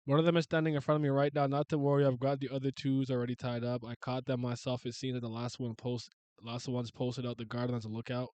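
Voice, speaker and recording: A man voicing a calm, unflappable adult male manga artist, reading the manga's lines aloud in a matter-of-fact way. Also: medium pitch, fast talker, dry recording, natural voice. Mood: composed. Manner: cool, matter-of-fact, composed.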